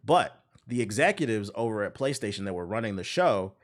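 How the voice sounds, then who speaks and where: A man's voice: fairly low pitch, big pitch swings, fairly quick. A man streaming a game while telling a long story in casual, slangy, profane speech. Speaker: gaming streamer.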